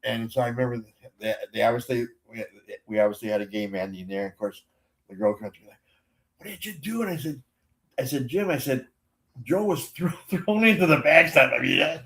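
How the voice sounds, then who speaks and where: An older man, a guest recalling umpiring days in casual chat, halting and often drifting quiet. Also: mid-range voice. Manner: halting, many restarts and fillers, quiet trailing lines.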